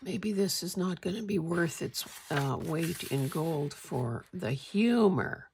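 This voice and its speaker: A woman vlogger talks through her finds in a casual, wry, rambling way, stopping now and then to clear her throat. Her voice sits a little low and has a gravelly edge. A faint hiss runs under the recording. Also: expressive, slow, darkish tone. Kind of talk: casual show-and-tell chat.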